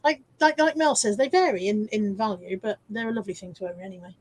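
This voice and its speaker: A woman's voice: mid-range voice, fast. A woman hosting a casual live stream, showing car boot finds and reading viewer comments with chatty, self-mocking asides, hiccuping now and then.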